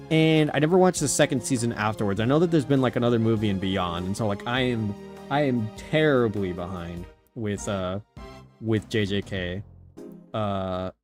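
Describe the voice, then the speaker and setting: A young man chats casually while streaming a game, his pitch lively and varied. He rambles, restarting sentences often, and faint game music plays under him. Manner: rambling, filler-heavy, self-deprecating. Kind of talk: casual gameplay commentary.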